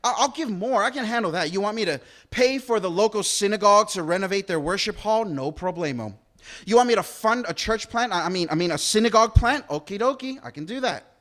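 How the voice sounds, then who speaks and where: Brief: a wealthy man haggling in disbelief, lively swings in pitch, fairly high voice, put on by a male preacher. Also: normal speed, exaggerated voice. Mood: incredulous. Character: rich male ruler, incredulous and bargaining.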